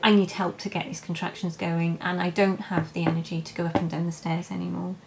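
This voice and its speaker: A young woman telling her birth story in a vlog, halting and emotional, with many fillers and restarts. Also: fairly low pitch, level tone, creaky, noisy background. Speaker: vlogger. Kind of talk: personal birth story, casual.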